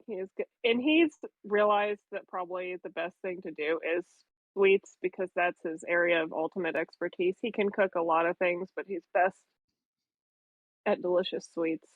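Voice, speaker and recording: A woman's voice: on the low side, moderate pace, dry recording. A woman playing in a tabletop game, talking casually and playfully about her character. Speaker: player. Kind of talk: tabletop role-play chat. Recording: tinny phone-like line.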